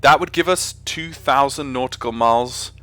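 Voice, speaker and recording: A man's voice: mid-range voice, moderate pace, fairly bright tone, no echo. Chatty Englishman streaming a flight sim. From England. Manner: chatty, rambling, frequent self-corrections. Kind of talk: casual live-stream commentary.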